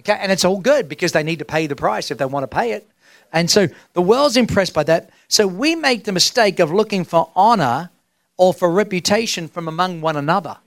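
A man's voice: sits high, expressive, a little fast, vocal fry, no echo, studio quality. A middle-aged man preaching a sermon as senior pastor, emphatic and drawn out, asking the crowd rhetorical questions. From Australia.

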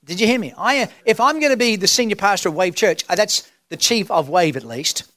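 A man's voice: sits high, expressive, fairly quick, a bit bright, no room sound. A middle-aged man preaching a sermon as senior pastor, emphatic and drawn out, asking the crowd rhetorical questions. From Australia.

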